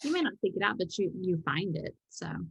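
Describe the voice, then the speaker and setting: A woman's voice: lowish voice, sing-song, quick pace, creaky, slightly rough, dry recording. Rambling woman podcast co-host, dry sound. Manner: rambling, self-deprecating storytelling with frequent "like". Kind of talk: casual chat.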